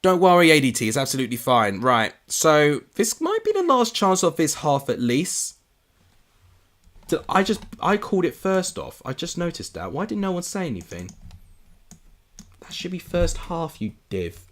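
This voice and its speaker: A man's voice: fairly high pitch, wildly swooping pitch, moderate pace, a bit bright. A young man from England hosting a live football watchalong, chatting casually and answering viewer comments. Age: young adult. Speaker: livestream host.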